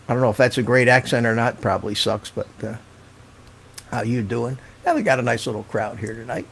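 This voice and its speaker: A man's voice: mid-range voice, a little fast, creaky, fairly bright tone, slight background noise. An older man hosting a live stream, chatting casually and rambling, often laughing as he reads out viewer comments.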